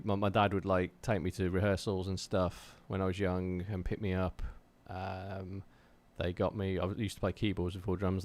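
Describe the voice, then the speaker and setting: Chatting casually on a live stream, a man from England with a low, slightly mellow voice tells stories to his chat. Rambling, earnest, and motivational, with many fillers, he urges viewers to keep going with their creative goals.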